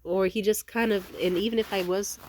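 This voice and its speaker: A woman's voice: mid-range voice, fairly quick, a little hiss or hum. A young woman telling a long personal story in a casual vlog, rambling and cursing, acting out both sides of the conversation. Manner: rambling, profane, animated quoting of others. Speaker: vlogger.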